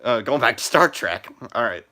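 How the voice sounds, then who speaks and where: A young man talks through his first live stream in a loose, rambling way. He keeps restarting his sentences and padding them with fillers. His voice sounds bright and forceful at a middle pitch. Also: lively intonation, moderate pace. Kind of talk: casual live stream chat.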